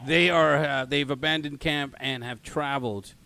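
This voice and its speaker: A man's voice: on the high side, fairly even intonation, normal speed, creaky, sharp tone, slight background noise. A man narrating a tabletop game as game master, hesitant with many fillers and self-corrections.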